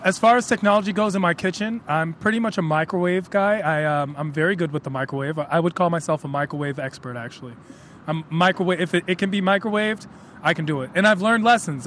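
A man's voice: fairly high pitch, quick pace, a bit bright, a little hiss or hum. A man answering a street interview, joking and poking fun at himself. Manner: self-mocking, joking. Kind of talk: casual vox-pop answer.

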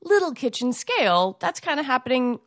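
A woman radio host chatting in a small kitchen, playful and quick with her replies. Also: high-pitched, very animated, a bit bright. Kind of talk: casual on-air chat.

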